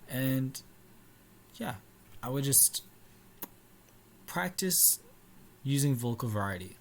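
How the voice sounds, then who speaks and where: A man's voice: medium pitch, animated, slow pace, gravelly, slight background noise. A young man giving an informal class presentation, casual, with fillers and restarts. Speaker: student presenter.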